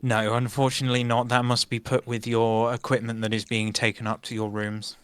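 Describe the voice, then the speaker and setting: A man's voice: mid-range voice, completely flat delivery, a little fast, fairly bright tone, smooth, no echo. A man narrating as game master in a tabletop game, loose and filler-laden.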